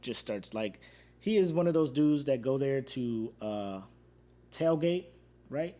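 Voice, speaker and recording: A man's voice: medium pitch, slow pace. A man in his thirties hosting a casual podcast, telling a story with laughs and acted-out quotes. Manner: animated, laughs often, acts out quoted fans. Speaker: podcast host.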